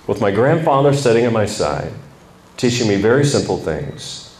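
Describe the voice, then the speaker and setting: A middle-aged man telling a humorous personal story to a men's group, with lively, animated delivery. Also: on the low side, normal speed, a little hiss or hum. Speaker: speaker at a men's ministry event. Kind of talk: storytelling talk.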